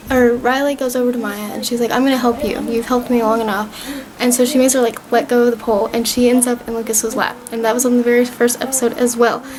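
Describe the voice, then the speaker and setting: Young woman, high with vocal fry, chatty home vlog review, faint background hum. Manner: chatty and rambling, many fillers and retold dialogue. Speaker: vlogger reviewing a TV season. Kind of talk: casual recap talk to camera.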